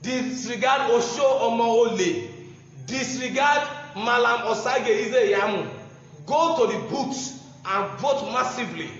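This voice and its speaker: A man with a Nigerian English accent and a very high voice delivers a fiery, mocking political speech, chuckling through his jabs. The sound rings with a heavy, long echo, as if from a large hall. The recording is dull and muffled. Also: a bit bright, slight background noise. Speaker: political campaigner.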